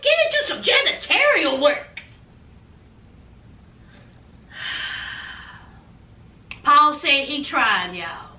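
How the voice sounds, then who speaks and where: A woman with a very high, piercing voice dishes on a reality show in a sassy, chatty recap. She slips into different voices to act out what people said. She sounds set back from the mic in an echoey room. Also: wildly swooping pitch, extremely slow, pushed and bright, far from the mic. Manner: sassy, chatty, acts out quotes in changing voices. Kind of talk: casual gossip recap.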